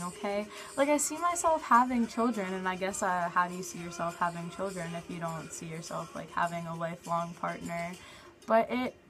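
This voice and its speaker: A young woman vlogging in a casual, chatty way, blunt and quick to swear. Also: fairly low pitch, poor audio. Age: young adult. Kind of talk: casual vlog talk to camera.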